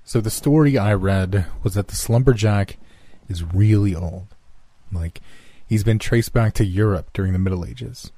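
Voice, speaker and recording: A man's voice: lowish voice, normal speed, warm tone, no echo. A man voicing a touchy, earnest young male friend who tells a creepy tale and swears when teased.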